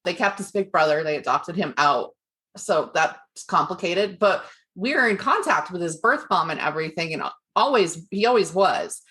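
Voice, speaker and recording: A woman's voice: medium pitch, fairly bright tone. A woman hosting a podcast, chatting casually and laughing often. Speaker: podcast host. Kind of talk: casual chat.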